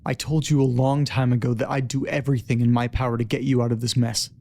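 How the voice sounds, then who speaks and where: A self-assured male demigod, cool and faintly amused, played by the male narrator. His voice is dark and gravelly, held flat and level as he drawls his lines. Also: mid-range voice, a little hiss or hum, close to an everyday voice. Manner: smug, unhurried, drawling. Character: smirking, calm male demigod, Firebrand.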